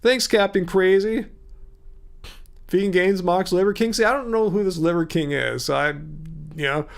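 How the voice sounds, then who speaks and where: A man's voice: sits high, moderate pace, gravelly. A tired man in his fifties hosting a casual livestream, rambling as he answers viewers' comments by name. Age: 50s. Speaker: livestream host.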